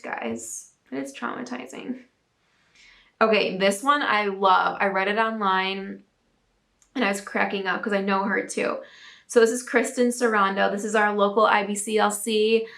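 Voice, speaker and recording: Chatty young woman with vocal fry. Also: medium pitch, moderate pace, a bit bright. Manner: chatty, bubbly, many "like" fillers. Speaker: host reading viewer submissions. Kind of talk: casual chat and reading aloud.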